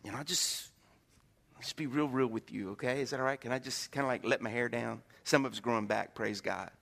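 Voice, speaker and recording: A man's voice: medium pitch, a little fast, gravelly, a bit bright. A middle-aged man preaching a folksy, joking sermon, acting out the voices he quotes. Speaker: pastor. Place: church sanctuary. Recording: reverberant hall.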